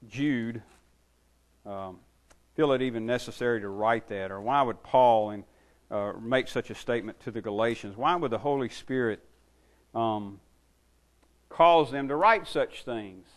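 A middle-aged or older man giving a sermon as a pastor, talking through a passage in a conversational way and reading the quoted verses with slow, strong emphasis. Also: medium pitch.

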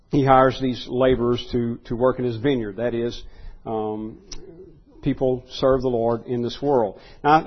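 A man preaching a sermon verse by verse in a conversational way, often repeating words and pausing with fillers. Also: medium pitch, husky, highs cut off.

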